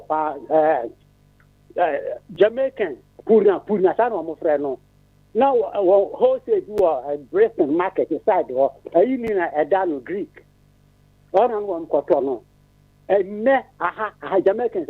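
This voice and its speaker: A man calling into a radio phone-in. He rambles, repeats himself and mixes English with Twi. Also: high voice. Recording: tinny phone line.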